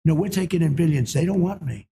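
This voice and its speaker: A man's voice: a little high, expressive, quick pace, vocal fry, mellow, slight background noise. An older man answering in a TV interview, boastful and repetitive, leaning hard on emphatic claims.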